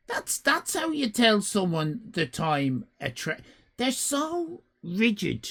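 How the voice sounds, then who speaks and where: An Irish man live-streaming, reading out chat and ranting comically, swearing freely. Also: slow. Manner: animated comic ranting, swears freely, big pitch jumps.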